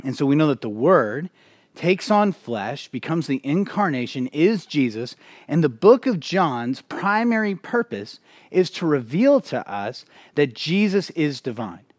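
A man's voice: fairly high pitch, sing-song, measured pace, no echo. Man preaching in a dry, close sound. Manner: emphatic, with repeated restarts. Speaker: pastor. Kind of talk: sermon.

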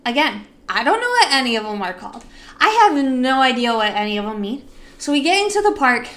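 A young woman co-hosting a casual chat, telling a story with lively re-enacted quotes. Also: sits high, fairly quick. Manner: animated storyteller, acts out her own panicked quotes. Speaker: podcast co-host.

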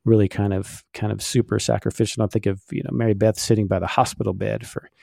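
Low gravelly middle-aged man. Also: fairly even intonation, fast, mellow, dry recording, studio quality. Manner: rambling, explaining with many fillers. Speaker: podcast co-host. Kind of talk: casual faith discussion.

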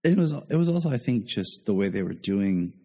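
Deep, dark-toned man on a podcast. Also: very animated, a little fast, slightly rough, in a large hall. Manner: opinionated, thinks aloud with repeats. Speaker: podcast host. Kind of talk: casual podcast chat.

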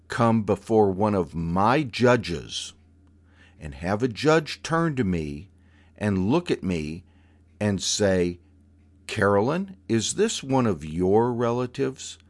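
A man voicing an elegant, genteel Southern aunt who is syrupy and coaxing, then firm and commanding in slow, stern words. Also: on the low side, big pitch swings, full character voice. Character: elegant genteel Southern aunt, sweet but steely, woman.

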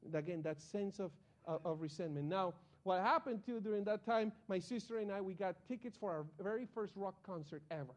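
Brief: man, sermon with personal storytelling, high voice, lively and excitable. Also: a little fast, hardly any pauses. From Colombia. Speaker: preacher.

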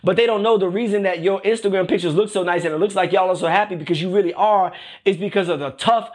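A man's voice: sits high, quick pace, darkish tone. A man preaching a conversational sermon, often repeating himself and checking in with "right?". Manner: repeats phrases and keeps asking "right?".

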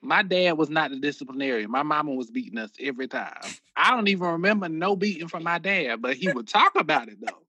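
A man's voice: on the high side, quick pace, few pauses, dry recording, lo-fi sound. A man telling family stories in a casual panel chat, acting out quotes with energy. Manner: animated storytelling, acts out loud quotes.

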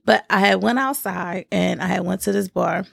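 Gravelly-voiced woman telling a slangy story. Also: normal speed, dry recording, clean studio sound. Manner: lively slangy storytelling with big pitch jumps when quoting. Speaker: vlogger. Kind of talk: casual storytime chat.

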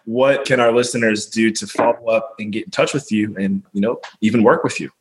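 A man hosting a casual podcast interview, easygoing and quick to laugh, with loose, rambling phrasing. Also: fairly low pitch, fairly even intonation, low-quality recording. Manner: easygoing, laughs often, many "like" fillers. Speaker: podcast host.

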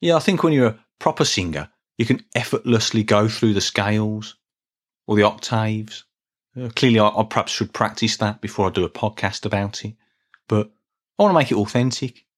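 A man's voice: fairly low pitch, a little fast. A middle-aged man hosting a solo podcast, talking in a chatty, rambling, self-deprecating way with small restarts. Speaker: podcast host. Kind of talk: casual solo podcast talk.

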